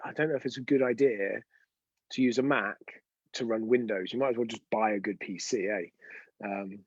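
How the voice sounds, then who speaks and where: A man's voice: on the low side, fairly even intonation, moderate pace, slightly rough, dry recording, highs cut off. A man hosting an unscripted live stream, telling chatty, rambling anecdotes with frequent restarts. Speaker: host of a weekly live show.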